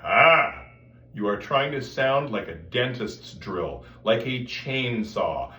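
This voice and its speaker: A man teaching a vocal technique lesson, coaching the viewer directly in an animated way. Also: mid-range voice, takes it slowly, recorded from a distance. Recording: roomy sound from off the mic with faint music.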